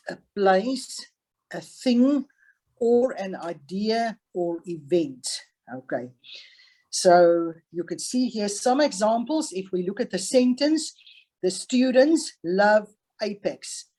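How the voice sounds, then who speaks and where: A woman's voice: medium pitch, darkish tone, poor audio. A woman English teacher giving an online grammar lesson on a video call, patient and stressing each example sentence. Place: online class.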